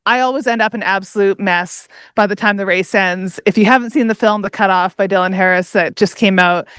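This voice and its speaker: A woman's voice: medium pitch, brisk, fairly bright tone, smooth, dry recording. A woman in her thirties from Canada doing live race commentary, enthusiastic and chatty, often laughing. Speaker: livestream commentator. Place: outdoor aid station.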